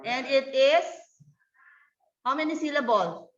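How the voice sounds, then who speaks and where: A woman's voice: sits high, a little slow. A woman teaching an online grammar lesson, patiently calling on students by name over a video call. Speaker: English teacher. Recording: echoey, dull lo-fi room sound.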